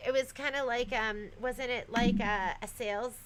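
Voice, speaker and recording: A woman's voice: a little high, fairly even intonation, normal speed, noisy background. A woman hosting a casual livestream, chatting loosely and reading viewer comments aloud, often trailing off and restarting. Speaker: livestream host.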